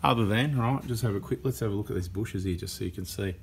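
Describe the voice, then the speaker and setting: A man's voice: lowish voice, fast, gravelly, slight background noise. Joking Australian man in a workshop. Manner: chatty and joking, keeps checking in with "right?" and "mate". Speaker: mechanic and workshop host. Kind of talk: casual workshop commentary.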